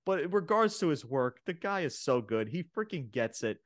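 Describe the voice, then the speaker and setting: A man co-hosting a wrestling podcast, recapping the show in casual chat, excitable and full of fillers and laughs. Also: a little high, normal speed. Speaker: podcast co-host reviewing wrestling.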